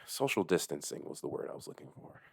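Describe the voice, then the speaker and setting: A man who works as a delivery driver, ranting casually to camera, heated and swearing heavily, swinging between low muttering and loud outbursts. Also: expressive, fast talker, vocal fry, breathy edge, no echo, studio quality. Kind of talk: casual profane rant to camera.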